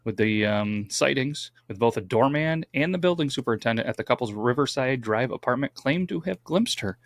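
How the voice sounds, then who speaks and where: Male podcast co-host, gravelly, dry close mic, relaxed true crime storytelling with wry asides. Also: medium pitch, brisk, no room sound. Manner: reads case notes, adds wry asides.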